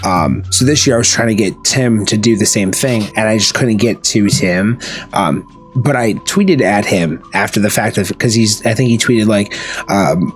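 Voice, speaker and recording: A man hosts a casual gaming podcast, rambling along and hunting for words with plenty of fillers. His voice sits a little low. Faint music plays behind him. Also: normal speed. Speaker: podcast host. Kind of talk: casual interview chat.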